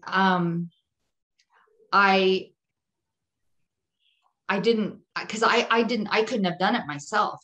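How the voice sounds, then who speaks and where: A woman's voice: fairly low pitch, fairly bright tone. A woman guest on a podcast, telling a personal testimony in an earnest, vivid way and repeating phrases for emphasis. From Jewish home.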